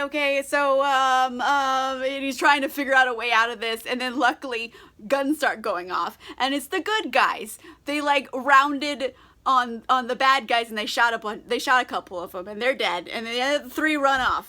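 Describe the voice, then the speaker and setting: A woman's voice: fairly high pitch, moderate pace, bright, forceful tone. A tipsy woman vlogger recapping a book in a casual, rambling, irreverent way, swearing and giggling.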